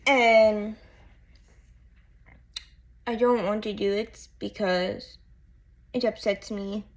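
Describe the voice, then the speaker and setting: A woman vlogger talking to camera in casual chat, tearful and halting, often repeating herself. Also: medium pitch, steady tone.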